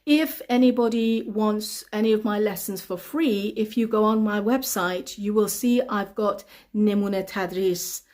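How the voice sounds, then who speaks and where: A woman English teacher, speaking in a mid-range, darkish voice, unhurried and with few pauses, handles learners' questions during a live stream. She reads their comments out and patiently explains, repeating things often.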